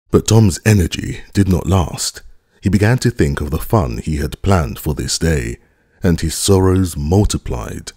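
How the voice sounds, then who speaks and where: A male audiobook narrator with a very deep, husky voice tells the story in measured, expressive scripted narration. The recording is close and dry, with no room sound. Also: dry recording.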